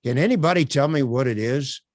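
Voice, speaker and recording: A man's voice: mid-range voice, a little fast, no echo, clean studio sound. A man leading an online workshop as its instructor, talking emphatically with many "uh" fillers. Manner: animated, emphatic, with frequent uh fillers. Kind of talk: live online workshop teaching.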